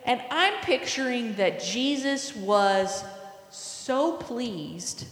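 A woman's voice: fairly high pitch, lively intonation, very slow. A woman preaching a sermon, telling a story with imagination and asking her listeners questions. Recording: echoey hall with long reverb.

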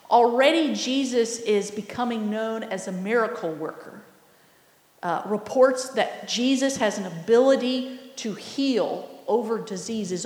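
Woman preacher, slow deliberate delivery, roomy hall with long reverb. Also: medium pitch. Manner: earnest, teaching, slow and deliberate. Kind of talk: sermon.

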